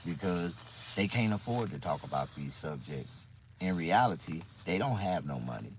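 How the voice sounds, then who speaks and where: A man's voice: deep voice, very animated, normal speed, slight background noise, low-quality recording. A man talking casually to viewers on a livestream, rambling and repeating himself in mock confusion.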